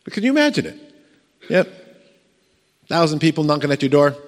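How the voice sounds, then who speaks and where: A man preaching a sermon, telling a story with lively acted-out voices and chuckles and putting questions to the congregation. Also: fairly high pitch, fairly quick. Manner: animated storytelling, acts out voices, chuckles, asks the crowd questions. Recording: long reverb of a large hall.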